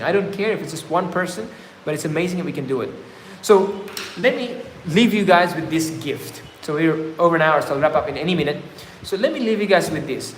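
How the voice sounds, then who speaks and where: A man's voice: fairly high pitch, slight background noise. Earnest man coaching on a live stream. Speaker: livestream host. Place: travelling, indoors. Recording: echoey room, faint ambience.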